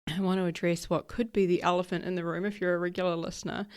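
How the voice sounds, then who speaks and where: A woman hosting her own podcast as a coach. Her voice is raspy and nasal because she is still recovering from losing it, and she talks in a chatty, upbeat way, tagging sentences with "right?" and "okay?". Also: lowish voice, little pitch movement, quick pace, a little mellow. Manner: chatty and upbeat, laughs often, uses "right?" and "okay?" as tags. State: recovering from lost voice. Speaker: podcast host and ADHD coach. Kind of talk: casual solo podcast talk.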